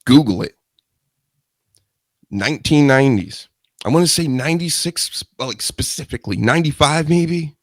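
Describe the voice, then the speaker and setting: A man's voice: on the high side, lively intonation, normal speed, pauses often, no room sound. A man hosting a solo chat show into a studio mic, rambling and joking with crude asides. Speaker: show host.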